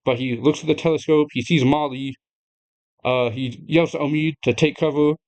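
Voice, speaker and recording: A young man casually retelling a game's story to his viewers, excitable and chatty, laughing often and swearing freely. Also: a little high, moderate pace, dull audio. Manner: chatty, addresses viewers directly. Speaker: gaming video creator.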